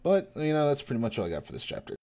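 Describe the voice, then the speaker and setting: A man co-hosting a casual podcast, retelling scenes energetically and slipping into quick character voices. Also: medium pitch, vocal fry. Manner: animated retelling with put-on voices. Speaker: podcast co-host. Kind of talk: casual chat.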